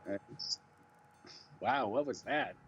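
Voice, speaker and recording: A man playing a video game on stream, talking in dry, deadpan, mock-weary banter. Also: mid-range voice, extremely slow, lo-fi sound, slight background noise. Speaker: let's play streamer. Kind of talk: casual gaming banter.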